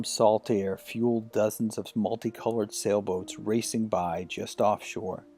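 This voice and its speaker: A man reading a romance short story aloud as an audiobook narrator, telling it in a gentle, unhurried way. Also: fairly low pitch. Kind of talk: scripted narration.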